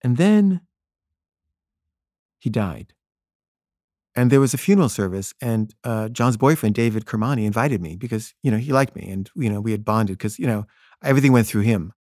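A man's voice: fairly low pitch, expressive, moderate pace, long pauses, darkish tone, no echo, studio quality. Earnest man telling a personal story. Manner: earnest, with frequent stammered restarts. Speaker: filmmaker.

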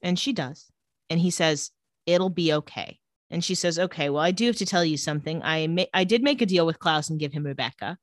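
A woman co-hosting a podcast, recapping a TV episode in casual chat and retelling scenes in a flat, lowered voice. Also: a little fast, no echo, clean studio sound.

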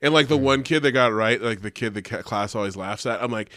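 A young man, a teacher, telling a story in casual chat, animated and profane, full of "like", acting out the quotes. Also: medium pitch, fast talker, no room sound, clean studio sound. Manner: animated and profane, heavy use of "like", acts out quotes.

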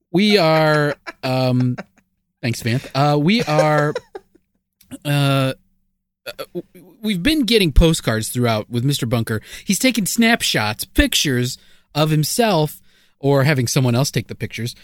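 A man co-hosting a podcast in casual comedic banter, with dry jokes and halting fillers. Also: on the high side, dry recording. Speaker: podcast co-host.

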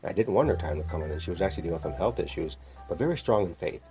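A man from northern Illinois, a podcast host telling his personal faith story in a reflective, heartfelt way with pauses. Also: deep voice, expressive, warm tone, faint music behind. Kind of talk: personal testimony.

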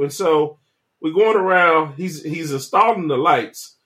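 A man's voice: on the high side, normal speed, a bit bright. A man co-hosting a casual chat, telling a childhood story in an easygoing, drawling way with frequent restarts. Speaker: podcast co-host.

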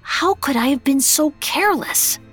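A scared little boy in a storybook, voiced by a woman narrator, crying out in a high, pleading voice. His pitch jumps well above an adult's. He sounds anxious and sorry for himself. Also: sing-song, drawn-out words, bright, forceful tone, soft background music, exaggerated voice. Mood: distressed. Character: frightened young boy, careless, anxious.

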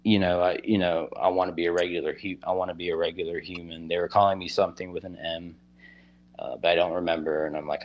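Low voiced guy rambling thru a story, lots of you know and like, kinda muffled recording. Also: flat delivery, fast. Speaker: guest telling a personal story. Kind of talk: casual storytelling.

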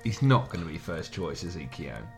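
A man's voice: deep voice, sing-song, moderate pace, music in the background. A man competing on a quiz show, talking through tactics decisively with his partner. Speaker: quiz contestant. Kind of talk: casual banter.

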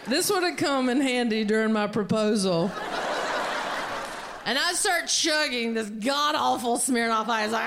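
A woman's voice: fairly high pitch, normal speed. Storytelling woman comedian on stage. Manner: storytelling, animated, punchy delivery. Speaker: stand-up comedian. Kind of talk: stand-up comedy set. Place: comedy club stage with live audience. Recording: live club recording with audience noise.

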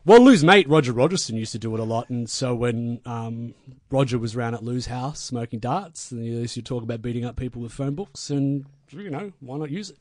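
A man, a wrestling manager guest, telling stories in a crude, deadpan, boastful way full of swearing. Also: medium pitch, fairly quick, no room sound, studio quality. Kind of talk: casual storytelling in a podcast interview.

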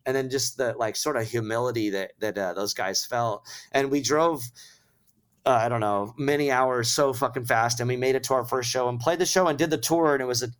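Man, musician guest, casual storytelling, swears a lot, acts out dialogue, mid-pitched voice. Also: clear, resonant tone. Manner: swearing, animated retelling of dialogue.

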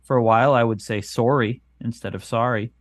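A man's voice: mid-range voice, fairly even intonation, fast talker, no echo. A man from northern Wisconsin with a light accent, co-hosting a podcast in casual chat and giving dry, matter-of-fact replies. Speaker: podcast co-host.

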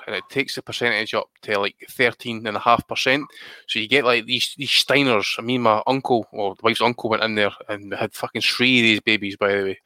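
A man's voice: fairly low pitch, pushed and bright, dry recording. A man telling rambling, sweary stories as a co-host in a casual podcast chat.

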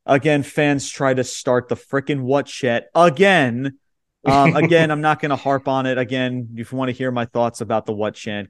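A man's voice: mid-range voice, dry recording, studio quality. Blunt, swearing man recapping wrestling. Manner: blunt, swears freely, recaps with quoted lines. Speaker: podcast co-host. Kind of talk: casual wrestling review chat.

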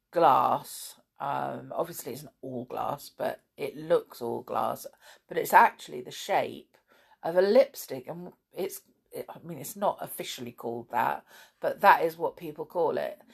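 A woman's voice: deep voice, takes it slowly, vocal fry, slightly rough. A woman hosting a children's podcast, chatting playfully to young listeners with lots of exclamations.

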